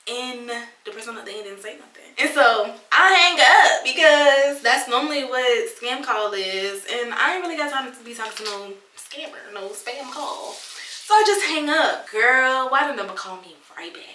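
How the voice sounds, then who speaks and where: A young woman, telling a story to her viewers in a lively, chatty way and calling them girl and y'all. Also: fairly high pitch, normal speed. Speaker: lifestyle vlogger. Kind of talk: casual storytelling to camera. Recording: echoey room, voice a bit distant.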